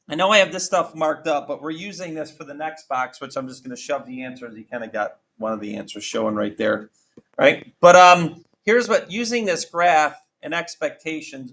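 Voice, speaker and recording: A middle-aged man teaching a high school math class, casual and self-correcting, often asking the class questions. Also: a bit bright. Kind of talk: classroom lecture.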